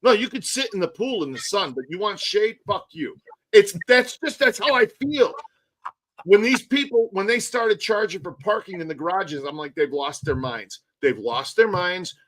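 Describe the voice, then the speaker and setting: A man's voice: high-pitched, sing-song, normal speed, a bit bright, poor audio. A man hosting a live stream, ranting animatedly in casual chat and swearing often. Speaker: tour guide and live stream host.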